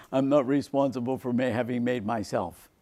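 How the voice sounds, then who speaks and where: A man, a priest, giving a lecture on faith to a seminar, repeating phrases for emphasis and dropping into quiet low asides. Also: a little slow. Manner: animated, swings between emphatic lines and quiet low asides.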